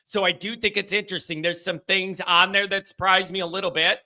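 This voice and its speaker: A man running his own call-in sports show talks in a loose, rambling way, poking fun at himself as he goes. His voice sits high and rings sharp and bright. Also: fairly even intonation. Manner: rambling, self-deprecating, quick laughs. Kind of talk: casual sports talk monologue.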